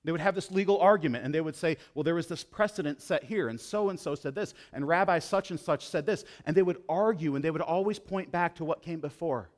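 Man preaching with sweeping loud-soft swings. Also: fairly quick, few pauses. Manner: dynamic preaching, swings from loud emphasis to low hushed lines; direct address to listeners. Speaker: pastor. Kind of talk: sermon.

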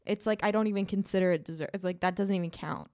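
A woman's voice: on the low side, quick pace, a little mellow, no room sound, studio quality. A young woman stand-up comic co-hosting a podcast, teasing and joking profanely in casual chat.

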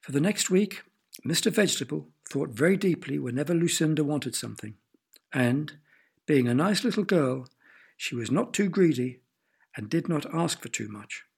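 A man reading a children's story aloud with gentle, playful storytelling. His voice is gravelly and husky, sitting a little high for a man, and he stops now and then to ask the listener questions. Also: expressive, moderate pace. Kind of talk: storybook narration.

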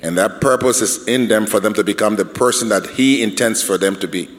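A man's voice: lowish voice, fairly quick, big-room sound. A man speaking as a panelist at a church discussion, earnest and repeating himself as he builds a point.

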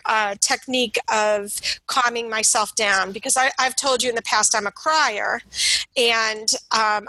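A woman co-hosting a casual conversation, speaking earnestly and haltingly with frequent restarts. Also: on the high side, sharp tone, no echo, rough recording. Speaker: podcast co-host.

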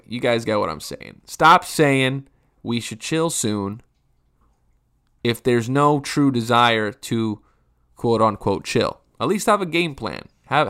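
A man's voice: mid-range voice, a bit bright, clean tone. Rambling, profane man ranting about life. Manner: rambling, profane, self-mocking, frequent restarts. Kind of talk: casual comedic rant.

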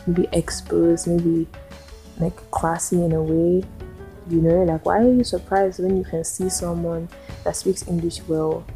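A woman's voice: on the low side, fairly even intonation, measured pace, dark tone, soft background music. A young Nigerian woman hosting a solo podcast, ranting and firing off exasperated rhetorical questions in a Nigerian accent. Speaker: podcast host.

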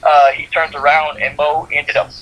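A man's voice: fairly high pitch, little pitch movement, normal speed, highs cut off. A man co-hosting a podcast, casually recapping a cartoon episode with lots of fillers. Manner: rambling plot recap with frequent fillers and laughs. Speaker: podcast co-host. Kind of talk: casual chat.

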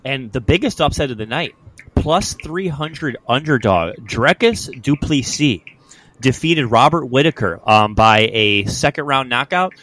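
A man's voice: medium pitch, unhurried. Young guy hosting a podcast, swears a lot, gets worked up telling fight stories. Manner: loose, profane, animated storytelling. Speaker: podcast host. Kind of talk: casual sports chat.

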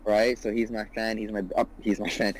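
A man's voice: on the low side, flat delivery, fairly quick, over a noisy crowd, low-quality recording. A man in his twenties talking as a guest about his business, earnest and rambling, with lots of "you know" and "right". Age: 20s. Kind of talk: casual podcast conversation.

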